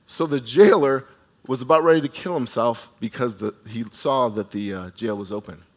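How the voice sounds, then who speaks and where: A man delivers a sermon in an easygoing, animated storytelling manner. He speaks at a middle pitch, often repeats or restarts his words, and turns to the listeners with quick asides. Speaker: pastor.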